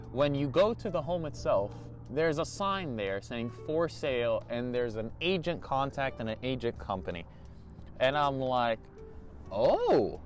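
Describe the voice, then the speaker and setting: A teenage boy telling a story to his channel in a chatty, exasperated way. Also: mid-range voice. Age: teens. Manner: animated, chatty, exasperated asides. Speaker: youtuber. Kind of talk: casual storytime vlog.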